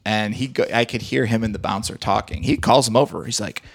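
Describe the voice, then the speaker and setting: A man's voice: fairly low pitch, brisk, gravelly. A male comedian chatting casually and telling a story, acting out the voices of the people in it. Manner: animated, acts out quoted voices.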